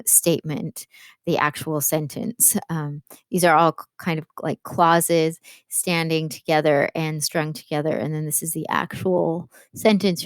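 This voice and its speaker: Low, smooth-voiced woman teaching English. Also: no echo. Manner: patient, explanatory, with frequent fillers. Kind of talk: classroom lecture.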